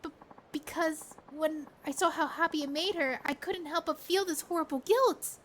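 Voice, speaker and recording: A woman's voice: high-pitched, moderate pace, a bit bright, pitched above the performer's own voice. A woman voicing a nervous young man who gave a faked gift, talking in a hesitant, apologetic, stammering way. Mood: guilty.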